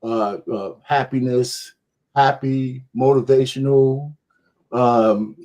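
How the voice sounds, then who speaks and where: An easygoing man chatting with a panel over a remote call. He rambles, restarts his sentences and laughs easily, in an even, middle-pitched voice. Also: takes it slowly, lo-fi sound. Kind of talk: casual panel chat.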